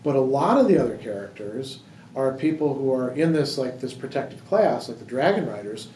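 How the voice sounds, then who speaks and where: Slightly fast and sing-song, this man's mid-range voice has a dark tone. Leading a book discussion in a library room, he muses aloud with lots of fillers and false starts; the recording is distant and roomy, with faint background noise.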